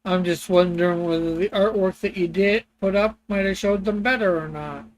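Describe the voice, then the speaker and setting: Male livestream host, relaxed casual chatter with viewers, laughs to himself between lines. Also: high voice, moderate pace. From Canada. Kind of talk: casual chat with live chat while coloring.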